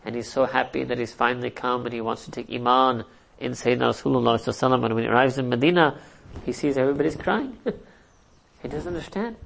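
Guy preaching w a gravelly voice, tells a story, keeps asking the crowd questions, chuckles a lot. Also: mid-range voice, quick pace, fairly bright tone, low-quality recording. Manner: asks the audience rhetorical questions; chuckles often while speaking. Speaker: Islamic teacher. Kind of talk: sermon with storytelling.

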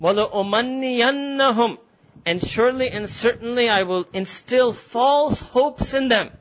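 A man voicing an arrogant male devil who boasts to God, drawn out slowly and gloatingly. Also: very high voice, highs cut off, a little hiss or hum, voice pushed up. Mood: boastful. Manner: slow, drawn-out, gloating delivery.

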